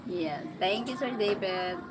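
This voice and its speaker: A woman's voice: medium pitch, unhurried. A woman with a Filipino accent chatting casually on a live stream, playful and teasing as she answers viewers' comments. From Philippines. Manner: playful, teasing, mixes Tagalog into English. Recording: clear background noise.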